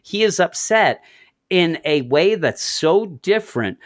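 A man's voice: fairly high pitch, lively intonation, slow. A man casually discussing comics on a podcast, enthusiastically retelling scenes and quoting the characters' lines. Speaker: comic book podcast host.

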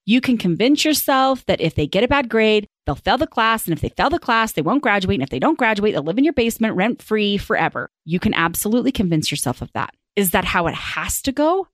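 A woman's voice: medium pitch, brisk, few pauses, dry recording. A woman in her thirties hosting a parenting podcast, talking casually and acting out different tones of voice with emphatic repetition. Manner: animated, acts out example tones, emphatic repetition. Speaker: podcast host and parenting educator. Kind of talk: casual teaching talk.

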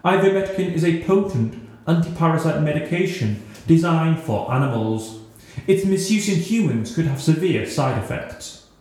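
A man's voice: on the high side, lively intonation, normal speed, darkish tone, close to an everyday voice. A man reading the part of an indignant female neurologist, in a very echoey room.

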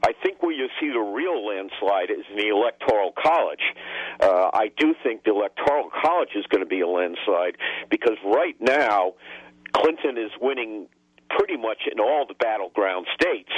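A man, a political strategist guest on a radio call-in show, speaking haltingly with many filler pauses. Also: fairly low pitch, no echo. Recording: dull lo-fi phone line.

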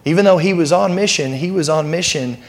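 A man preaching a sermon, his voice gravelly and a touch higher than most men's. He talks in a conversational way, stresses key phrases and often turns questions to the listeners. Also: brisk. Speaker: pastor.

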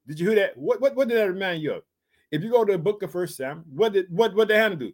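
Here a male Bible teacher, high-voiced, expressive and quick, alternates between reading scripture and breaking off to preach fervently, pressing his audience with rhetorical questions.

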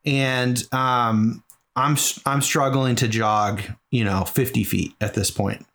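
A man's voice: medium pitch, steady tone, slow pace, gravelly, a bit bright. A middle-aged man from New England telling a long personal story as an interview guest, earnest and rambling with many fillers. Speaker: guest, charity marathon runner.

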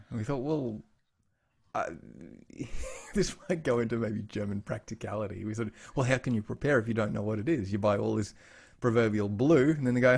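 Man, low pitch, gravelly, husky, casual podcast chat, animated storytelling. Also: a little fast. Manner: animated storytelling, acting out quoted voices. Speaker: podcast co-host.

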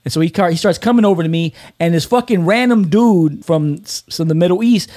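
A man in his fifties, a podcast host telling stories in casual chat, animated, swearing and laughing often. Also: sits high, brisk, few pauses.

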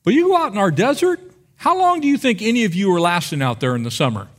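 Male pastor, sermon, high voice, very expressive, animated storyteller. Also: fast talker. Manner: animated storytelling, acts out biblical figures.

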